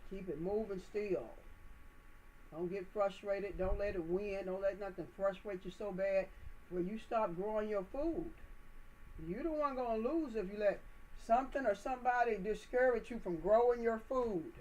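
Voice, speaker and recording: Woman, gardening vlogger, mid-pitched, folksy and encouraging, faint hiss behind. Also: normal speed, darkish tone, poor audio. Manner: folksy, chatty, encouraging, addresses viewers as y'all. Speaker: gardening channel host. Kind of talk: casual how-to demonstration. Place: indoors, potting plants.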